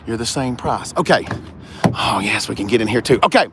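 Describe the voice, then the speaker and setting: Against a noisy background, a Southern American man speaks briskly and expressively at a medium pitch. The car vlogger jokes his way through a laid-back lot video, easily distracted and prone to rambling.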